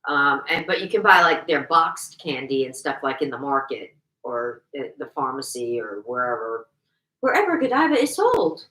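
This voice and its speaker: A woman chatting casually, full of playful asides. Her voice is bright and her pitch moves a lot. The room around her is echoey. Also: sing-song, normal speed. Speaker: podcast co-host. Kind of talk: casual chat.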